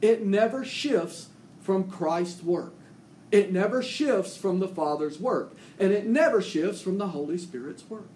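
A man preaching a sermon in an echoey church room with faint noise behind him. His voice sits high for a man, and it climbs and drops between fervent proclamations and quiet, close asides to the congregation. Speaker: pastor.

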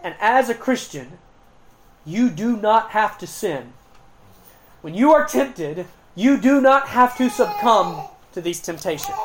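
A woman preacher delivering a sermon, slowing down to stress key words and swinging between loud emphasis and quiet, hushed passages. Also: medium pitch, animated, a little hiss or hum.

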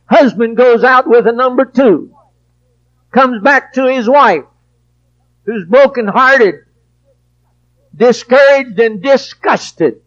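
A man preaching a sermon, swinging from quiet storytelling to loud, emphatic passages. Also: extremely high pitch, takes it slowly, pauses often. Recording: dull lo-fi recording.

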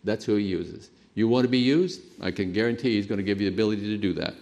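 An older male preacher delivering a sermon, telling anecdotes with sudden rises in pitch and loudness and chuckling between points. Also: fast talker. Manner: animated storytelling with sudden jumps in pitch and loudness.

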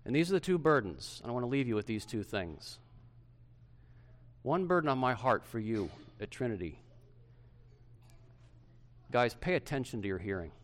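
A middle-aged male pastor preaching a sermon to his church, swinging from loud emphasis to hushed softness. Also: mid-range voice, sing-song, moderate pace, pauses often.

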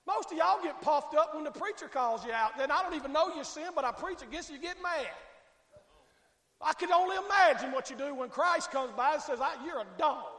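A male pastor preaching a fiery sermon, swinging between shouting and hushed tones and calling out to the congregation. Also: very high-pitched. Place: church sanctuary. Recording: echoey church hall with long reverb.

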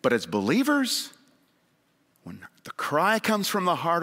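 A man preaching a sermon in earnest, moving between raised emphasis and hushed appeals. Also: a little high, huge pitch swings, unhurried. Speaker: pastor. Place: church sanctuary. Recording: long church hall reverb.

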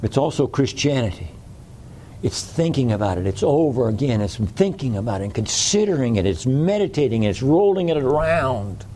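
A man's voice: mid-range voice, big pitch swings, normal speed, warm tone, a little hiss or hum. A man preaching a sermon in a folksy way, repeating phrases for emphasis.

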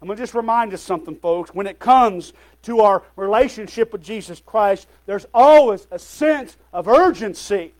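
A man's voice: sits high, normal speed, few pauses, a little mellow. A male pastor preaching a sermon to his congregation, calling out "Amen?" and "folks" often and sometimes stumbling over his words.

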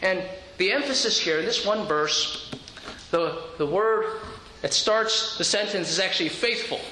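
A man preaching a sermon with a high, bright voice that carries through an echoey room. He explains scripture step by step, often stumbling over a word and repeating it before going on. A faint hum of ambience sits under his voice. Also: lively intonation, unhurried. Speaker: pastor.

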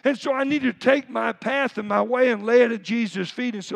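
A male pastor preaches in a church sanctuary, his voice unusually high with a gravelly edge. He keeps it conversational, slipping into everyday quotes. The sound carries a long reverb from the hall. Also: fairly quick, few pauses. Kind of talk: sermon.

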